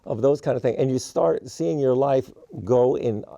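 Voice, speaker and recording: A man's voice: medium pitch, moderate pace, vocal fry, mellow, no room sound. A man, a musician guest in an interview, telling stories in a rambling way with many "you know" fillers. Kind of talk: casual interview storytelling.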